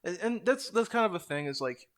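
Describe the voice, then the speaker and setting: A man's voice: high-pitched, animated, fairly quick, a bit bright. A young man co-hosting a podcast, chatting casually, ranting animatedly with lots of swearing. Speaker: podcast co-host. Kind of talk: casual chat.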